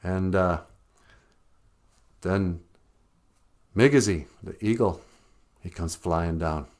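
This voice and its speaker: A man casually telling a folk tale, relaxed and loose, with fillers and chuckles. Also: sits low, slow pace. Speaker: storyteller and channel host.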